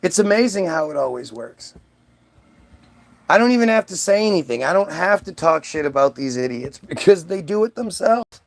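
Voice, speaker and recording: On his own channel, a vlogger rants in a rambling, profane monologue, frequently restarting his sentences. His voice is high and very animated, at a normal pace.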